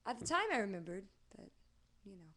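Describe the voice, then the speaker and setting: A woman chats on a casual late-night podcast in a medium-pitched voice. She speaks in a relaxed way and lets her sentences trail off. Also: a little fast. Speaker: podcast co-host.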